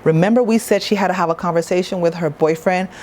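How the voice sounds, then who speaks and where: A woman's voice: lowish voice, fast talker, darkish tone. Woman chatting thru a tv show review, playful, keeps talking to the viewer, bit of faint noise behind. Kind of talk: casual review vlog.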